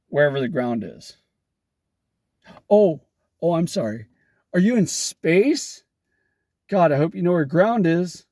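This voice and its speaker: Gravelly sarcastic man explaining welding. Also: on the high side, dark tone, dry recording. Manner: sarcastic, wry joking asides. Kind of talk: casual explanatory talk.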